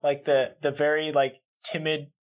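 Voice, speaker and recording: A man's voice: fairly high pitch, flat delivery, moderate pace. A man on a casual podcast movie review, gushing and giggling, with lots of fillers. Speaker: podcast co-host.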